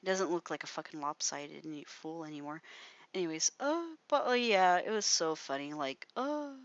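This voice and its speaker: A young woman rambling through a story while she draws on a livestream, full of fillers and swearing, sometimes muttering softly to herself. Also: sits low, lively intonation, moderate pace, no echo. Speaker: artist livestreaming while drawing. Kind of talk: casual rambling livestream commentary. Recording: slightly dull lo-fi mic, dry.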